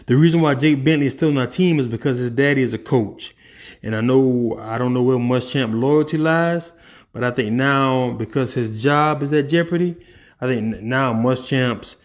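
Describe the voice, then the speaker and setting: A man giving an opinionated, animated sports rant as a vlogger, shifting between rapid bursts and drawn-out emphasis. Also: mid-range voice.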